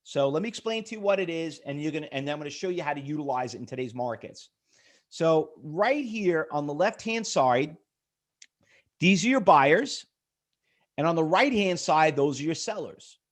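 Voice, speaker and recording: A middle-aged man runs a live trading webinar in a slightly high voice. He pushes hard with rhetorical questions, calls on viewers by name and keeps pressing for a yes. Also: lively intonation, normal speed. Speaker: trading instructor. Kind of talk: live webinar sales pitch.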